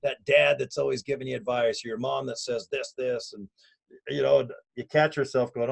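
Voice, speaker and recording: A man in his fifties talks casually and energetically into his own camera, pitching an online business in a folksy, slangy, emphatic way. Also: fairly even intonation, moderate pace, creaky, slightly rough, poor audio. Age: 50s. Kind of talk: casual self-recorded video pitch. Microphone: camera or phone mic.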